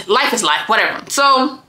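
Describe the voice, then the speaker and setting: A young woman telling a story to her viewers in a blunt, animated rant full of swearing. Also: fairly high pitch. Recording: echoey room.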